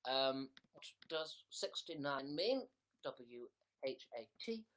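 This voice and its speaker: A young man with a mid-range, slightly bright voice hosts a casual livestream from a room in his house. He speaks slowly with big swings in pitch, joking and rambling as he reads comments and slips into whispered asides.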